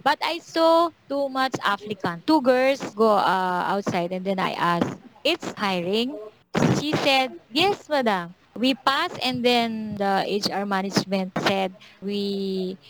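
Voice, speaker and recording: Filipina woman, halting simple english, middle pitch, faint hiss behind. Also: low-quality recording. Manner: halting second-language English with simple phrasing. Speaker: factory worker interviewee. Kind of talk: interview testimony.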